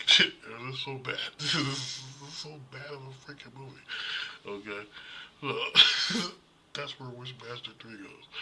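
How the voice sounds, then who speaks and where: Middle-aged male host, low and punchy, rambling and profane in casual talk. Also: pushed and bright, slight background noise. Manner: rambling, swears, laughs often, talks to viewers. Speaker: streamer host.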